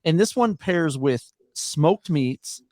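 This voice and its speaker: Upbeat host from Detroit, fairly high-pitched man, dry close voice. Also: expressive, slow, darkish tone, no echo. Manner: upbeat, reads viewer questions, short reactions. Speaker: livestream host. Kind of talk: casual livestream interview.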